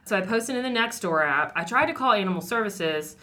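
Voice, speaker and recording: A woman with a bright, forceful voice chats on a podcast, spinning an animated story. She acts out the other people in it as she goes. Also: medium pitch, fairly quick. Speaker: radio host. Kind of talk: casual podcast chat.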